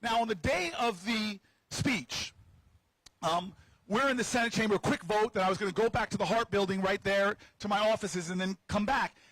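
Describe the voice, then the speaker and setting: A middle-aged man speaks outdoors at a rally, his voice husky and set rather high. He tells a story with animated, playful asides to the crowd. The sound is close and dry. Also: normal speed, dry recording, poor audio. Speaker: senator. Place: outdoors on building steps.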